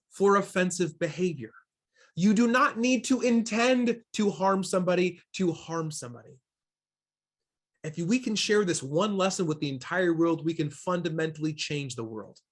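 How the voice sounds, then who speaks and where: A man from Seattle leading an online diversity workshop, emphatic and full of questions for his audience, talking into a computer mic. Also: high voice. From Seattle, USA. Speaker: diversity trainer.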